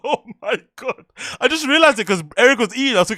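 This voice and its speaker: A man with a notably high voice gives casual livestream commentary on clips, swearing freely and laughing often. He sounds incredulous and teasing. His voice is recorded dry and close, with no room sound. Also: expressive, quick pace, hardly any pauses, bright, forceful tone, no room sound. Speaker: podcast host.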